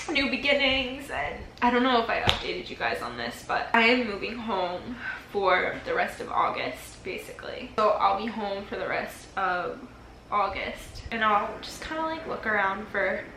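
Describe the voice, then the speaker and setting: A woman's voice: mid-range voice, lively intonation, measured pace, sharp tone, slight background noise. Tearful young woman in an echoey empty room. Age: early 20s. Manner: rambling, heavy use of "like", tearful laughs. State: crying, teary voice. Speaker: vlogger. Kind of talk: emotional farewell vlog, casual talk to camera. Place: empty apartment, indoors.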